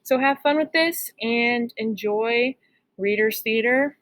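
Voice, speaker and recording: A woman's voice: on the high side, takes it slowly, background noise. A woman teacher recording a lesson for her class, upbeat and encouraging, checking in with her students often. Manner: upbeat, encouraging, frequent "all right?" check-ins.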